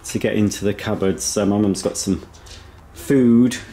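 A man's voice: lowish voice, fairly even intonation, unhurried, mellow, slight background noise. A man giving a casual, rambling video tour of a house, chatting while he eats. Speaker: vlogger. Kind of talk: casual home tour vlog. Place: inside a house.

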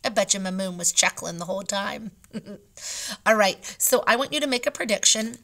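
A woman teacher reading a chapter book aloud to her class, narrating softly, often in a whisper, then turning animated when she asks the class questions. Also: medium pitch, normal speed, vocal fry.

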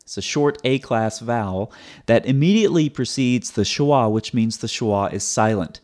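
Man, mid-pitched voice, sarcastic teaching commentary, explanatory, repeats words, host talking to viewers. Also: animated, moderate pace, darkish tone.

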